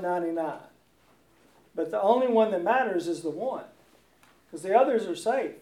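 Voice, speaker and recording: A man's voice: high voice, warm tone. A man preaching a sermon in a church, emphatic and repeating his key words, recorded from a distant mic in a roomy space.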